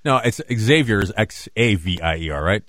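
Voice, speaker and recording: A man co-hosting a radio show, bantering in a teasing, quick way. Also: fairly low pitch, dry recording, studio quality. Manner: animated, teasing, quick asides. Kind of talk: casual studio banter.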